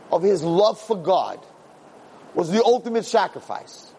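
A man giving a lively Torah lecture as a rabbi, acting out quotes in a storyteller's manner and building to excited peaks. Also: sits high, unhurried, slightly rough, low-quality recording.

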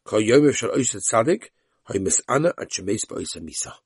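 A man's voice: lowish voice, animated, brisk, breathy edge, no room sound, clean studio sound. A man teaching a Talmud lesson, reading the Aramaic text aloud and retelling it in English with voiced quotes of the characters.

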